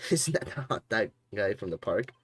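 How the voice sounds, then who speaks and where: A man's voice: lowish voice, very animated, normal speed, fairly bright tone, breathy edge, no room sound. A young man giving casual, joking commentary as he plays a game. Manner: joking, laughing, irreverent. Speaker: let's play gamer.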